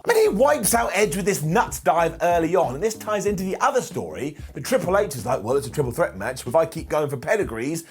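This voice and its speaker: A young man talks through a retro wrestling review, and his pitch leaps and dips all over the place. His voice sits a bit high, and a faint music bed plays underneath him. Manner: animated, jokey, quoting wrestlers in asides.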